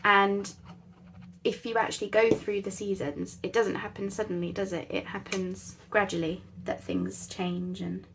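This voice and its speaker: A woman talks through a craft project in a relaxed, rambling way, often poking fun at herself. Her mid-pitched voice has a gravelly, creaky edge, and faint noise sits in the background. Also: a little slow. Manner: chatty, rambling, self-deprecating. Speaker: crafting channel host. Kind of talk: casual craft tutorial chat.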